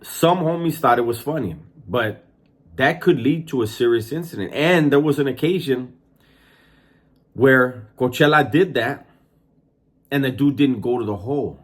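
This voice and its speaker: A man's voice: mid-range voice, moderate pace. A man, a former prison inmate, casually telling a story with profanity and acted-out voices.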